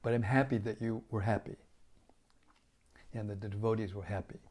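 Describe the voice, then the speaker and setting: An older man with a raspy voice, speaking as a spiritual teacher in a gentle, humble, reflective way while chatting with listeners after a devotional reading on an online call. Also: fairly low pitch, fairly even intonation, moderate pace.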